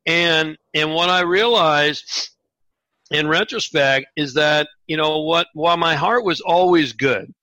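A man's voice: a little high, bright, forceful tone, no room sound, low-quality recording. A man speaking as a guest author on a radio interview, earnest and reflective, often restarting his sentences. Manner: earnest, halting restarts, acts out quotes in a raised voice.

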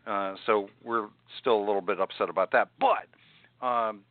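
A man co-hosting a podcast, covering tech news in a playful, animated way. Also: moderate pace, no echo. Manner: playful, animated, jumps in pitch when joking. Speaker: podcast co-host. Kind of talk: casual chat. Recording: dry phone-like sound.

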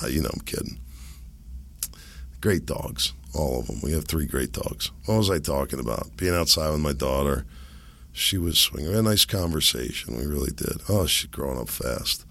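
Hoarse, gravelly-voiced man podcasting. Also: rumbling low, moderate pace, bright, forceful tone. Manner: rambling, self-amused, laughs at own jokes. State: hoarse, sick voice. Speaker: podcast host. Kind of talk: casual solo podcast monologue. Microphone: desk microphone.

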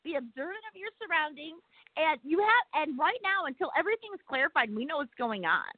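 Over a tinny phone line with no room sound, a woman with a high voice chats casually. She rants fast, swears freely and gets worked up easily.

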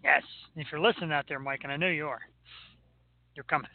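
A man's voice: on the high side, steady tone, quick pace, creaky, no room sound. A man hosting a radio show, telling jokey stories in casual chat and laughing often. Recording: narrow phone-like radio sound.

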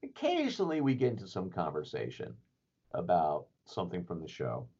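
A man's voice: deep voice, wildly swooping pitch, brisk, over music. A man telling a story in a casual, rambling way, with lots of fillers and chuckles. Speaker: podcast guest telling a story. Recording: dull lo-fi recording.

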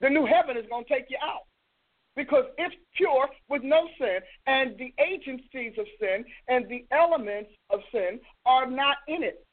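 A woman's voice: sits high, normal speed. Woman host preacher, scolding rhetorical style, telephone-quality audio. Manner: emphatic, scolding rhetorical questions. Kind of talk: preaching broadcast. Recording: tinny phone-line sound.

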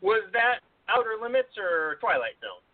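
Male podcast co-host, slightly high, laughs easily, tinny phone-like line. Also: very animated, normal speed, no echo. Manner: laughs often, hesitant restarts. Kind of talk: casual chat. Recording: tinny phone-like dry sound.

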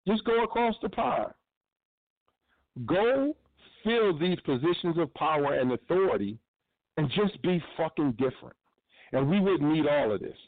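A man's voice: on the high side, dry recording. A man hosting a radio show, giving blunt, profane, impassioned commentary. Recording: tinny phone-line sound.

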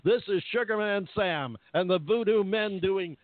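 A man's voice: sits high, measured pace. A man hosting a radio talk show, chatty and jokey, laughing often as he talks. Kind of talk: casual radio chat. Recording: phone-like narrow sound.

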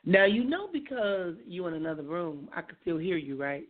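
A hoarse woman hosting a casual talk show, chatty and quick to laugh, often saying things twice. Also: fairly low pitch, big pitch swings, slight background noise. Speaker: radio show host. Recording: tinny phone-like sound.

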